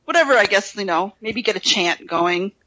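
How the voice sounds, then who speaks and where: A woman with a bright, sharp voice rambles through a casual podcast chat, giggling and stringing thoughts together with "like". The sound is dry and slightly muffled. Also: mid-range voice, animated, moderate pace, dry recording. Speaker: podcast co-host.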